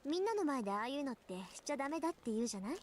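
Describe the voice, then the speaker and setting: A woman's voice: high-pitched, big pitch swings, racing, a little hiss or hum. An actress voicing a confident, slightly bossy teenage schoolgirl in a visual novel. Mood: apologetic. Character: confident proud teenage schoolgirl, a bit prim.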